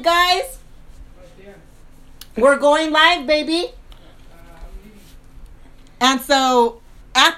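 Female co-host, high and bright, lively storyteller who laughs easily. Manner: animated, laughing, acts out sounds. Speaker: podcast co-host. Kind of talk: casual storytelling chat.

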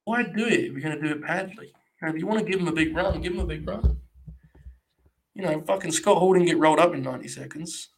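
A young man talks casually through a live stream, blunt and sarcastic, with plenty of swearing. His voice sits a little high for a man. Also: quick pace, vocal fry. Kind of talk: casual live commentary on wrestling.

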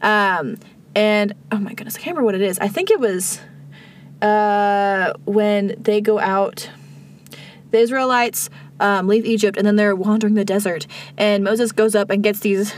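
A woman's voice: medium pitch, flat delivery, moderate pace. Young woman, casual podcast co-host, rambling delivery with many ums, faint background hiss. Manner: rambling, many fillers and restarts. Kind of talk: casual faith podcast chat.

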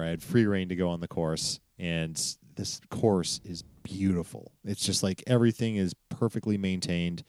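A man's voice: sits low, steady tone, moderate pace, hardly any pauses, a little mellow, no room sound. A man in his thirties co-hosting a casual travel podcast, rambling through stories with a slightly curmudgeonly, wry manner. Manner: rambling storyteller, self-described curmudgeonly. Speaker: podcast co-host.

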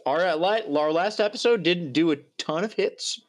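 A man's voice: high-pitched, normal speed, dry recording. A man in his thirties co-hosting a casual sports podcast, joking and rambling. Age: 30s. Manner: jokey, rambling, trails off. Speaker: podcast co-host.

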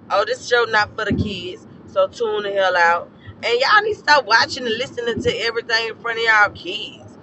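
A man with a hoarse, scorched throat, giving a blunt, profane and preachy casual rant as a podcast host. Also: high-pitched, lively intonation, brisk, noisy background.

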